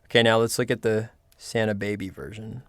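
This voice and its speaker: A man's voice: lowish voice, steady tone, brisk, a bit bright, dry recording. A man hosting a livestream, singing along to karaoke and chatting playfully with viewers, laughing often. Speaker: livestream host.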